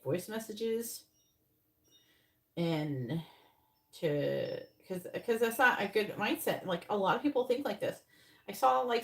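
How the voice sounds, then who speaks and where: Woman, tarot reader, live stream, blunt, rambling, swears casually. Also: lowish voice. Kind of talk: live-stream psychic reading.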